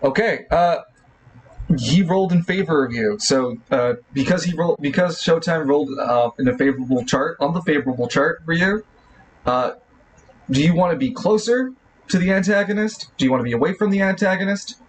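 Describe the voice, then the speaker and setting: A man's voice: fairly high pitch, animated, brisk, a little hiss or hum, rough recording. A man running a tabletop game as game master, narrating with many fillers and restarts.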